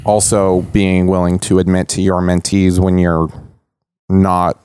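A man's voice: sits low, flat delivery, unhurried, darkish tone, clean tone. A man hosting a casual podcast roundtable, explaining ideas in an earnest, talkative way. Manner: teasing, then earnest and explanatory. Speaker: podcast host. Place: indoor podcast recording.

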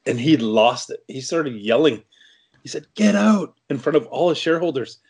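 A man's voice: mid-range voice, moderate pace, breathy edge. A middle-aged man from Canada, an interview guest, telling a story casually with many restarts and fillers.

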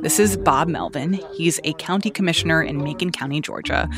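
A man narrates a news podcast in a calm, measured way. He reads a scripted lead-in. Music plays clearly beneath his voice. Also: fairly high pitch. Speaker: podcast host.

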